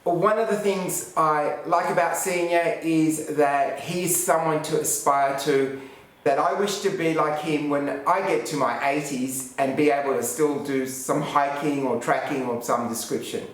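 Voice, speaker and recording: A man's voice: fairly high pitch, steady tone, a little slow. A man with an Australian accent hosting a casual vlog chat in a cheeky, teasing manner. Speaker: vlog host. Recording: very echoey room.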